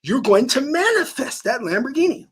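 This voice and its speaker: A man's voice: extremely high pitch, big pitch swings, normal speed, husky. A man giving a motivational spiritual talk about manifesting through dreams, emphatic and given to storytelling.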